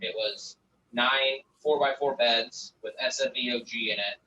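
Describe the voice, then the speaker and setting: A guest grower on a casual livestream rambles profanely about growing, swinging between numbers and stories. His mid-range voice is pushed and bright, a little slow, with fairly even intonation. The distant lo-fi mic adds faint noise.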